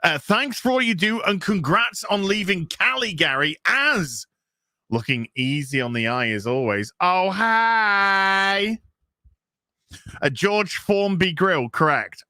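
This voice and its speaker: Brief: male streamer, animated reading of chat donations, bright tone, dry mic. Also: a little high, a little slow, no room sound. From England. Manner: animated, chatty, reads donor messages aloud. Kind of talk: casual live stream chat.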